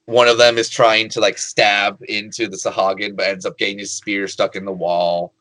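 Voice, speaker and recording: A man narrating a tabletop game as its dungeon master, in a loose, filler-heavy way. His voice is fairly low. The recording is dry and close. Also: flat delivery, moderate pace, bright, forceful tone, no echo, low-quality recording.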